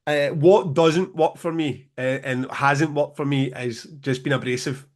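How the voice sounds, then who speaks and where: A middle-aged Scottish man, a music promoter co-hosting a podcast, telling sweary, animated stories and laughing through them. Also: mid-range voice, measured pace. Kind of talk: casual storytelling chat.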